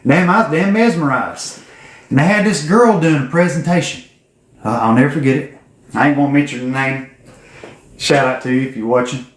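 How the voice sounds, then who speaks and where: A man's voice: on the high side, a little fast. A man, telling a folksy, profane story to camera. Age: 40s. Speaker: vlogger telling his business story. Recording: echoey room.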